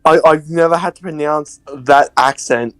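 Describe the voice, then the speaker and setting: A man's voice: fairly high pitch, normal speed, smooth. A man in a casual gaming chat with friends, flustered, stammering and swearing. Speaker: friend playing along.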